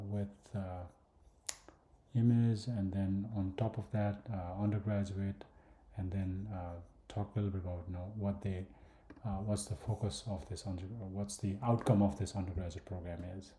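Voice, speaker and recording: A man's voice: low-pitched, fairly even intonation, moderate pace, dark tone, a little hiss or hum. A man walking through a design tutorial on screen, thinking aloud, hesitant and full of fillers, often dropping to a mutter or whisper. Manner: hesitant, many fillers and restarts. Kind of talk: screen-recorded design walkthrough. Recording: echoey room.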